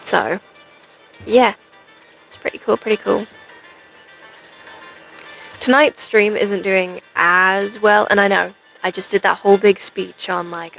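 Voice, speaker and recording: Chatty young woman with a gravelly voice. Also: mid-range voice, steady tone, unhurried, pauses often, a bit bright, soft background music, rough recording. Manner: rambling and chatty, talking to viewers. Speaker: live streamer. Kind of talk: casual chat to a live stream audience.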